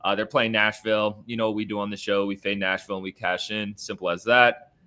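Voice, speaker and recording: A man giving his betting picks as a co-host in a brisk, confident way. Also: fairly low pitch, flat delivery, pushed and bright. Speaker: co-host handicapper. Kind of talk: casual picks chat.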